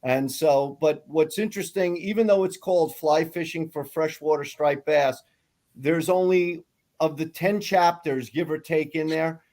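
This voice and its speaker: A man, a fly fishing guide and author, chatting casually on a podcast in an animated, self-mocking way. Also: a little high, unhurried.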